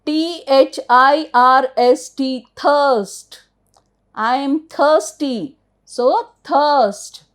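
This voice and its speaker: A woman's voice: high voice, drawn-out words, fairly bright tone. A middle-aged woman with an Indian accent teaching English phonics to children, spelling each word out letter by letter and answering her own questions.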